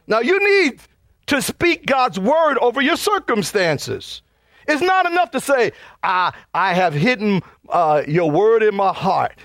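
A man's voice: sits high, sing-song, measured pace, a bit bright, no room sound. A man preaching a sermon as pastor, urging his congregation with fervent, repeated calls.

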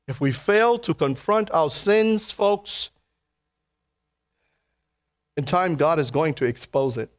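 Slow, high-voiced impassioned preacher man. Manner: impassioned and pleading, swinging between loud and soft. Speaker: pastor. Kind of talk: sermon. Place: church before a congregation.

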